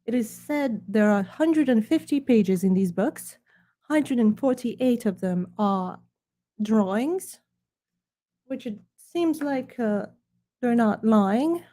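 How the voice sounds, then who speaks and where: Hosting a mock-snobbish preview of her own art books, a Ukrainian woman adopts a put-on British accent and an unhurried cadence. Her slightly high voice is mellow and soft, and though animated, she keeps her delivery dry and sarcastic.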